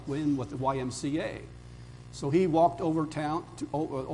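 A man preaching a sermon, telling a story and then pressing his point with rising, emphatic peaks that fall back to soft, quiet lines. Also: on the high side, slight background noise, low-quality recording. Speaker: pastor.

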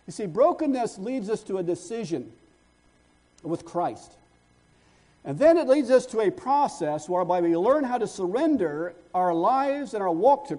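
High-voiced preacher, mellow tone. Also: male voice. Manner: builds in volume and pitch as stories peak; repeats words while searching for the next phrase. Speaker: pastor. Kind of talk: sermon.

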